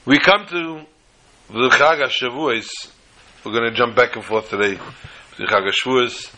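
A man and religious teacher, telling humorous stories in a sermon with lively delivery. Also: mid-range voice, moderate pace, slight background noise, poor audio. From United States. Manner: animated storyteller, shifts between voices. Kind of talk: storytelling sermon with jokes.

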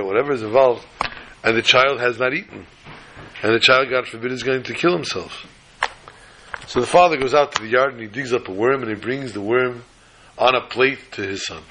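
A man giving a lively sermon as a Torah teacher, telling a story with chuckles and quoting Hebrew sources. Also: medium pitch, slight background noise, rough recording.

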